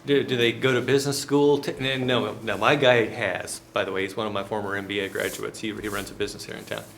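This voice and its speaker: Folksy professor telling a story. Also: male voice, fairly low pitch, flat delivery, quick pace, vocal fry, a bit bright, a little hiss or hum. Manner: folksy, joking, conversational storytelling. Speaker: business professor. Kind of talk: lecture with storytelling.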